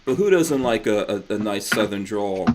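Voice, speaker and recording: Lively joking male podcast host. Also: fairly low pitch, normal speed, background noise. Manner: joking, teasing, laughs often. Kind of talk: casual podcast chat.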